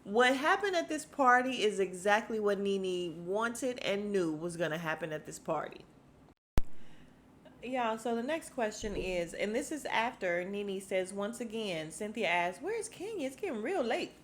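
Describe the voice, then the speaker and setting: A woman's voice: medium pitch, lively intonation, unhurried, fairly bright tone, a little hiss or hum. A young adult woman hosting a podcast, recapping a reality TV episode in a chatty, slangy way and calling her listeners "y'all". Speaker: podcast host.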